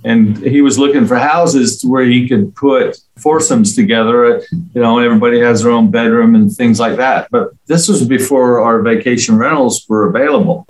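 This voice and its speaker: A man's voice: medium pitch, moderate pace, poor audio. A middle-aged man from England, chatting casually and telling rambling, friendly stories in an interview. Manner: rambling, friendly storytelling with fillers. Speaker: interview guest, local resident. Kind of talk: casual conversational chat.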